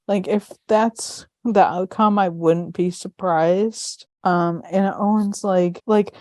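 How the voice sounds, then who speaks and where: A woman's voice: medium pitch, steady tone, slow pace, a little mellow, dry recording, clean studio sound. A woman co-hosting a podcast, casually recapping a TV episode and scattering "like" through her sentences. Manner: chatty, heavy use of "like", acting out quoted lines. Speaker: podcast co-host.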